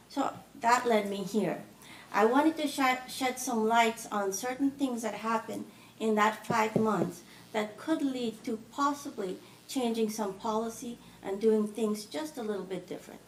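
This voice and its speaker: A woman giving an earnest public comment at a city meeting, recounting events and quoting others in quick, pleading bursts. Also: on the high side, a little hiss or hum. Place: city commission chamber. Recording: roomy chamber audio, distant mic.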